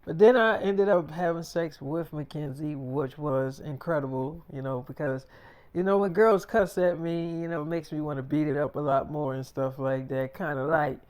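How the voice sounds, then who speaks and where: A man's voice: fairly high pitch, normal speed, darkish tone, clean tone. A man telling a story in a casual freestyle, slangy and boastful, looping back with repeated phrases.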